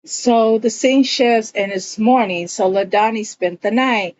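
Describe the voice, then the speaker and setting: A woman's voice: a little high, unhurried, darkish tone, highs cut off, slight background noise. A woman casually recapping a TV episode, telling the story in a chatty way and slipping into the characters' quoted lines as she goes.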